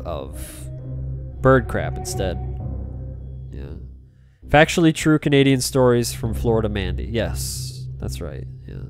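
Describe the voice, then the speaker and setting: A man streaming a retro game, chatting casually, reading out chat messages and spinning silly made-up stories. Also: lowish voice. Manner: rambling, joking, tells tall tales, reads chat aloud. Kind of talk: casual livestream chat while playing. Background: game music.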